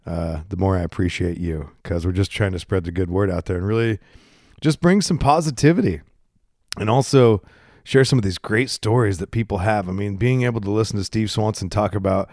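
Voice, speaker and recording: A man with a low, slightly congested voice hosts a casual solo podcast from his garage. He rambles candidly and pokes fun at himself, holding the microphone close in his hand. The sound is close and dry, with no room around it. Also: a little fast, darkish tone, dry recording. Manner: rambling, candid and self-deprecating. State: congested, coughing and burping. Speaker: podcast host. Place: home garage. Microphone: handheld microphone.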